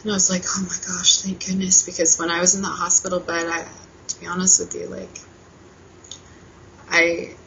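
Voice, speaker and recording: A young woman in her twenties with a bright, forceful voice speaks candidly as a podcast guest, full of fillers and little laughs, growing soft when she gets emotional. The audio is slightly dull and lo-fi with a faint hiss underneath. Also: on the low side, flat delivery. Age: 20s. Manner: emotional, softening at painful moments; frequent fillers, quick laughs. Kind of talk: candid conversational storytelling.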